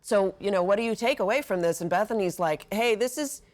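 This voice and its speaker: A woman co-hosting a talk show, speaking enthusiastically, her voice rising when she is excited. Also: mid-range voice, quick pace. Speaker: co-host.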